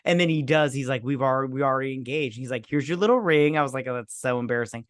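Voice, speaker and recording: A man's voice: mid-range voice, steady tone, fast, a bit bright, dry recording. A man co-hosting a drinking movie review show, rambling and swearing as he acts out scenes in raised voices. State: drinking while talking. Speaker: podcast co-host. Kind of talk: casual movie review chat.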